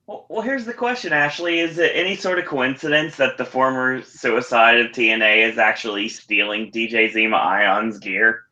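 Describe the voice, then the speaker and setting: A man's voice: medium pitch, steady tone, moderate pace, hardly any pauses, sharp tone, dull audio. A man co-hosting a wrestling podcast, making wry, trivia-laden remarks in casual chat. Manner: wry, nerdy trivia asides. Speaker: podcast co-host.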